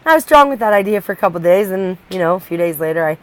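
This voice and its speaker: A woman's voice: medium pitch, quick pace, few pauses, low-quality recording. A young woman talking candidly in a personal vlog, rambling and restarting often as she opens up. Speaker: vlogger.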